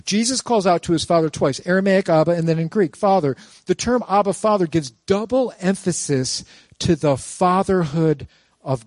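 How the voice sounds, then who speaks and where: A pastor delivers a lively sermon, quizzing his congregation with rhetorical questions and slipping into playful jokes. His voice sits on the high side, and there's no room sound.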